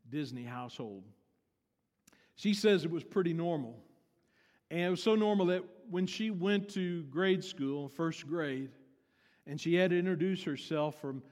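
High-voiced preacher in a reverberant church. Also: male voice. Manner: swings from hushed to loud, emphatic preaching. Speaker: pastor. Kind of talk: sermon. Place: church sanctuary. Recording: long reverb of a church sanctuary.

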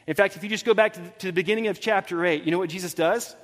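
A man's voice: high-pitched, racing, fairly bright tone, in a large hall. A man preaching a sermon as pastor, telling the story with animation and acting out the dialogue. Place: church hall with congregation.

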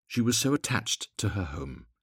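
A man reading a fairy tale aloud, expressive and gently dramatic. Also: on the low side, moderate pace, breathy edge, no echo, studio quality. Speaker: narrator.

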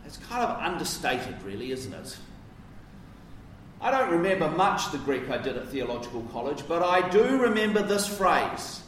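A man's voice: a little high, slight background noise. A man preaching a sermon in a conversational, emphatic way, with casual asides. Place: church. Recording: roomy echo from a distance.

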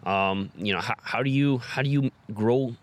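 A man's voice: medium pitch, moderate pace. A man who manages a pumpkin farm, guest in a casual on-site interview outdoors, hesitant and stammering with many fillers.

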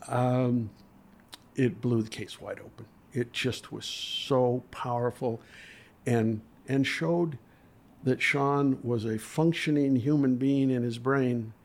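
A man's voice: mid-range voice, fairly even intonation, slow pace, a little mellow. An older man, a trial lawyer, tells courtroom stories in an interview in an earnest, emotional way with frequent hesitations. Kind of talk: storytelling in a podcast interview.

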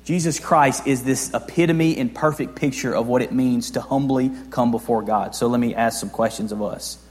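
A young male pastor gives a conversational sermon, firing off rhetorical questions and moving from hushed to raised delivery. His voice carries a long reverb tail from a large church hall. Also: medium pitch, normal speed. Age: young adult. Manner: conversational preaching with rhetorical questions, swings between soft and loud.

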